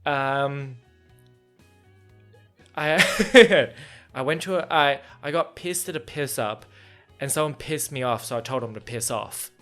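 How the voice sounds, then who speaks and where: Young Australian guy, mid-pitch, loose rambling podcast host, faint music bed underneath. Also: slow pace, pauses often, sharp tone. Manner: chatty, laughs often, loose and rambling. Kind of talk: casual solo podcast chat.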